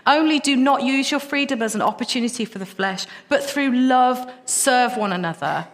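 A woman delivers a passionate sermon, her fairly high voice climbing into emphatic, repeated questions. The sound carries a long reverb from the hall around her. She moves between reading scripture and urgent, direct appeal. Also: normal speed. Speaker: preacher.

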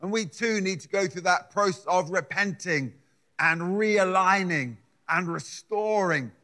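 A man's voice: sits high, measured pace, pushed and bright. A man preaching a sermon, building his points with emphatic repeated words. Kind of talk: sermon with scripture reading.

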